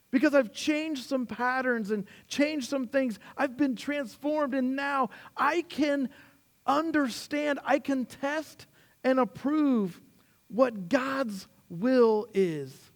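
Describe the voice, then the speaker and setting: A man pastor delivers a sermon in a high, light voice at an unhurried pace. He tells stories with animation, jumping up when he voices quotes, then sinks low and slow to land his main points. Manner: animated storytelling, acting out quotes with rising pitch; slows down and drops low on key words.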